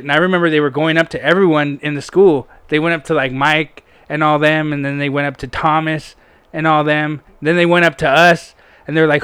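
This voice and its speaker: A man's voice: on the high side, fairly even intonation, fairly quick, a bit bright, clean tone, no echo. A young man telling long, profane stories in a rambling, casual way, full of fillers. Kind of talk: casual storytelling chat.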